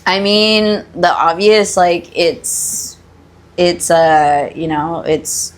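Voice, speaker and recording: Low-voiced rambling young woman. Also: steady tone, very slow. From Australia. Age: 20s. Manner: rambling, self-correcting, jokey. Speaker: guest. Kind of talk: casual chat.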